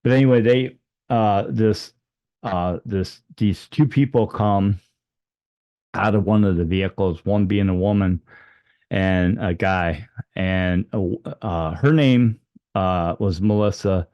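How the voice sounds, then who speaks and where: Slow, low-voiced man telling his story. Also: darkish tone, no echo, muffled recording. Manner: rambling, full of fillers and restarts; acts out the dialogue with raised pitch for quoted lines. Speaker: storyteller recounting a near-death experience. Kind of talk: unscripted personal storytelling.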